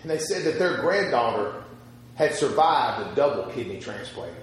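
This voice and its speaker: A man preaching a sermon, telling a story with pauses and repeated words, swinging from loud to soft. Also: medium pitch, sing-song, very echoey, a little hiss or hum, rough recording.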